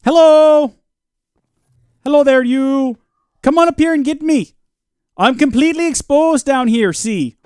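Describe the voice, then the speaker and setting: A man voicing a brash male brawler who bellows taunts at a monster in a rough mock accent. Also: very high-pitched, unhurried, pauses often, a little mellow, dry recording, studio quality, voice pushed up. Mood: taunting shout.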